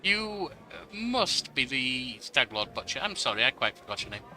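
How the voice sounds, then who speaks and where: A man's voice: mid-range voice, sing-song, normal speed, sharp tone. A man reading an arrogant nobleman's lines aloud in a haughty, offhand manner. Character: arrogant, bored young male baron.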